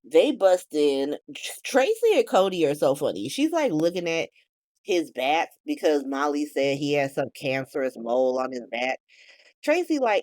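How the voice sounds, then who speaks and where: A woman's voice: low voice, big pitch swings, moderate pace, darkish tone, no room sound, studio quality. A woman hosting a soap opera recap, narrating casually in profane slang.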